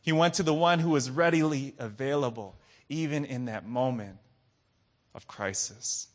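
A young adult man preaching a sermon, calling to the congregation and swinging between raised, urgent lines and low, quiet ones. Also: normal speed. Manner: call-and-response preaching, rising and falling emphasis.

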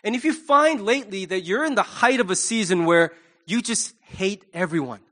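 A middle-aged man preaching a sermon as pastor, animated, acting out quoted voices. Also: sits high, moderate pace.

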